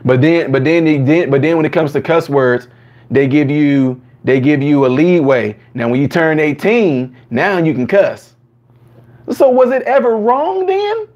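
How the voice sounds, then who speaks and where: Animated man chatting on a lo-fi stream. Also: measured pace. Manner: animated, acts out quotes in higher voices, laughs often. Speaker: live stream host answering chat. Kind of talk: casual live chat.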